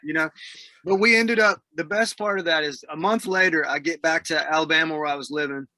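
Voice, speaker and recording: In a casual interview, a musician from the American South shares stories in an unhurried, easygoing manner, chuckling partway through his sentences. His voice is a little high, brisk and sharp, with no echo.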